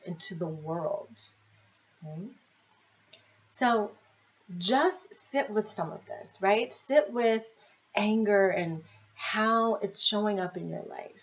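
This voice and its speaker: A woman coach speaks to her viewers in a somewhat low voice, guiding them with one reflective question after another. She keeps checking in with a quick "right?" The recording sounds dull and lo-fi. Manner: reflective, asks many questions, tags with "right?". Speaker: life and marriage coach. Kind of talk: coaching video monologue to viewers.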